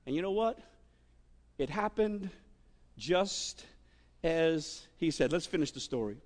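A man preaching a sermon with impassioned emphasis and wide swings in loudness. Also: on the high side, animated, slow. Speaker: pastor. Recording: long hall reverb.

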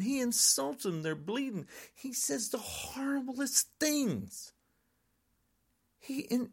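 Older podcaster ranting, animated pitch. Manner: frustrated, angry ranting. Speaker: podcast host. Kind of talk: political rant podcast.

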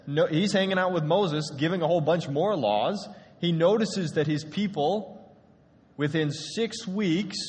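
A pastor retelling a scripture story in a casual, storytelling sermon to a congregation in a church hall. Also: male voice, fairly high pitch.

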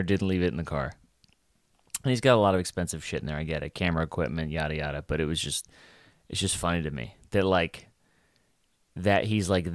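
A man's voice: sits low, dry recording, studio quality. A young adult man, a stand-up comedian, telling a casual rambling story with lots of fillers and restarts.

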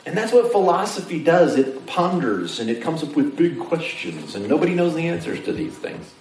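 In a church sanctuary, a preacher with a slightly high voice at normal speed delivers an animated, joking sermon, acting out his listeners' voices. A roomy, distant mic picks up faint noise.

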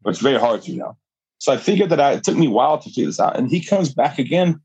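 Husky man telling a lively story. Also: medium pitch, fast talker, no echo, rough recording. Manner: animated storyteller, laughs often, restarts sentences. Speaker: guest, jiu-jitsu fighter and coach. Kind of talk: storytelling in a podcast interview.

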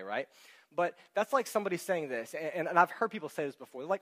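A man preaching a sermon in a church, speaking into a microphone. He explains things in an animated way and keeps asking the congregation rhetorical questions. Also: on the high side, very fast. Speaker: pastor. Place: church hall with sound system. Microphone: handheld or stand microphone.

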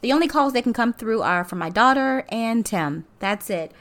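A woman's voice: a little high, lively intonation, moderate pace, fairly bright tone. A woman hosting a podcast, talking in a casual, earnest and encouraging way straight to her listeners. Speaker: podcast host. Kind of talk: casual motivational monologue.

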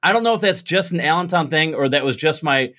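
Male comic co-host, lively storyteller, bright tone. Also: fairly high pitch, quick pace. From New York. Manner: animated storytelling with laughs. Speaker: podcast co-host. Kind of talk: comedic casual chat over video call.

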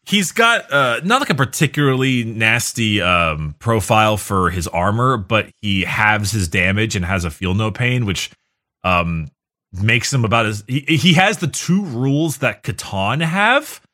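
A man's voice: fairly low pitch, lively intonation, measured pace, bright, forceful tone. A man co-hosting a podcast, telling stories with enthusiasm in a rambling, casual way. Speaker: podcast co-host. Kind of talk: casual chat.

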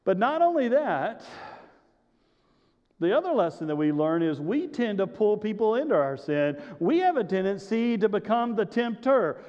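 A male pastor with a high voice delivers a sermon in a church, telling the story animatedly and speaking straight to his congregation. The sound is dull and muffled, carried by a long echo through the hall. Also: big pitch swings, normal speed, darkish tone. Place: church sanctuary. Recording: muffled recording in a large reverberant hall.

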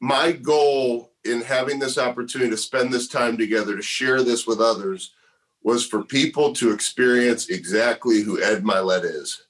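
Guy hosting a podcast, sincere, thanking his guest, average pitch. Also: moderate pace, fairly bright tone, poor audio. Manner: sincere, grateful. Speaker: podcast host. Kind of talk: interview wrap-up.

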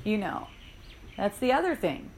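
A woman's voice: mid-range voice, sing-song, a little slow, darkish tone, slight background noise. A woman leading an in-person spiritual dialogue, telling light anecdotes with frequent laughter and quoted voices. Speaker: spiritual teacher. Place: indoor gathering room.

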